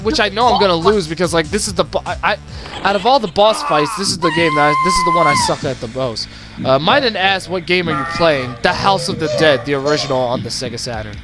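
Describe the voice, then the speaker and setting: A man streaming gameplay, talking casually through the game and shouting at it when it goes wrong. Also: fairly high pitch. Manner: excitable, groans and shouts at the game. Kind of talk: live gameplay commentary. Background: loud game music.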